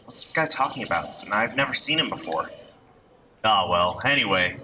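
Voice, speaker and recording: A man reading a visual novel aloud with expressive, lightly comic narration. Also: lowish voice, normal speed, slight background noise, poor audio. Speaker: let's-play reader.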